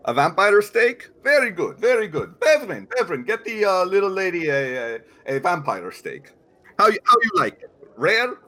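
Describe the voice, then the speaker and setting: Fawning barkeep with a thick Russian accent, stutters on every phrase, high and lively; a man voices him. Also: normal speed, heavily acted. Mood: delighted. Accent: vaguely Russian, put on. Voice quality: stammering repetitions. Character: jolly foreign male innkeeper, eager and fawning.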